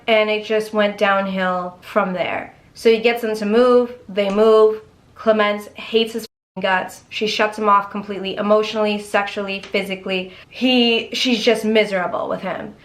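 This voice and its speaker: A woman's voice: on the high side, fairly bright tone. A young woman telling a true crime story in a casual, chatty and profane way, as a YouTuber.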